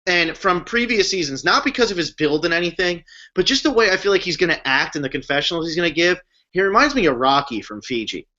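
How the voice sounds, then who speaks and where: Young male co-host from New Jersey, emphatic and slangy, slightly high-pitched, muffled audio. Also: animated, quick pace, pushed and bright. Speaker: podcast co-host. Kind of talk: casual chat. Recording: dull lo-fi recording.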